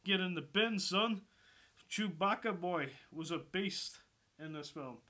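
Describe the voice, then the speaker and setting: Male vlogger, casual film review, sweary and excitable, high pitch, sharp tone. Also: unhurried. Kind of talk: casual movie review vlog.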